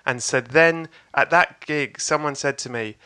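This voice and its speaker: Bright-voiced man telling a story. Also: a little high, measured pace, clean tone. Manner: animated, swears, acts out crowd voices. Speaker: comedian guest. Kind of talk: casual storytelling chat.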